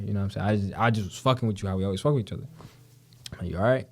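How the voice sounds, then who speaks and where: A man's voice: deep voice, rapid-fire, creaky. A young man from Detroit telling stories in slangy, profane casual talk, full of "you know what I'm saying.". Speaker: guest, actor. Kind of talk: casual conversation.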